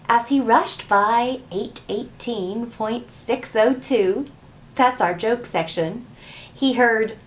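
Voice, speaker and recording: A woman librarian reading a children's picture book aloud in an expressive storytime voice. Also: fairly high pitch, slow.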